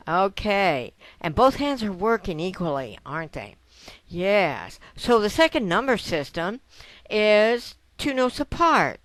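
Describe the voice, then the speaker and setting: A woman giving a piano lesson, patiently explaining step by step and counting notes aloud. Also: medium pitch. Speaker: piano teacher. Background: piano notes played between phrases.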